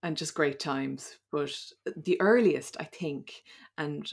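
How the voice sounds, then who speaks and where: Irish woman with a low, gravelly voice. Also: slow. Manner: rambling storyteller, laughs often. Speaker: podcast guest. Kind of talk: casual chat.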